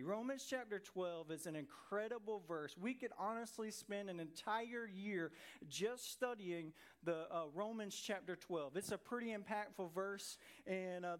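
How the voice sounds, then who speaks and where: Pastor, middle-aged man, high voice, conversational and animated, keeps asking rhetorical questions. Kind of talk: sermon. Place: church sanctuary.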